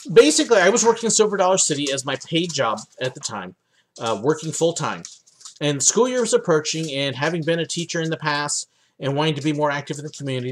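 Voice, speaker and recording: A man's voice: fairly high pitch, slight background noise. A young man from the United States hosting a livestream Q&A from his home office, chatting casually with lots of ums and uhs. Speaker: livestream host answering viewer questions.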